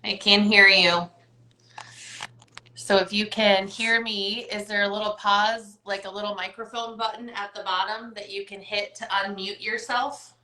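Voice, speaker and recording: A woman's voice: medium pitch, flat delivery, a little slow, pushed and bright, reverberant, poor audio. A woman hosting a casual wellness chat over a video call, talking in a chatty, upbeat way with lots of fillers and asides. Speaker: host.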